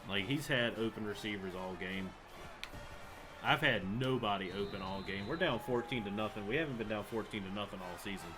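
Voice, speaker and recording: A man's voice: lowish voice, brisk, over music. A young man giving live commentary over a football video game, frustrated and swearing as he rants about the plays. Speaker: gaming channel host.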